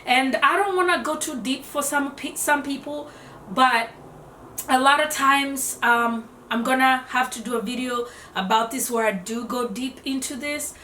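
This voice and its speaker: A woman's voice: sits high, unhurried, pushed and bright, reverberant, far from the mic, slight background noise. A woman giving casual self-development advice in a conversational way, explaining with rhetorical questions.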